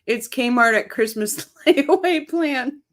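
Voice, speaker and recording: A woman hosting a casual livestream, chatting excitedly, laughing often and reading viewer comments aloud. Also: high voice, slow. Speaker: livestream host. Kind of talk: casual live-chat commentary.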